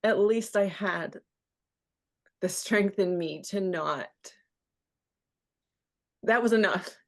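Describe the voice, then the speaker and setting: Speaking slowly in a mid-range voice, a radio host in her thirties shares an emotional personal story as a podcast guest. She's candid throughout and frequently repeats what others said to her.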